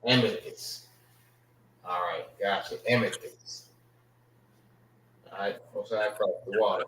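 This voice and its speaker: A man teaching a class, unhurried and repeating words to drill pronunciation. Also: low-pitched, flat delivery, a bit bright, a little hiss or hum. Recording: echoey room.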